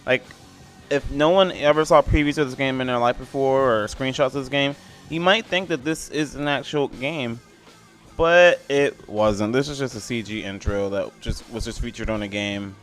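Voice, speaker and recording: A man's voice: medium pitch, moderate pace, fairly bright tone, faint music behind. A man giving a casual video game review voice-over, rambling and blunt, padding his talk with "I mean" and "like". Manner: blunt and opinionated.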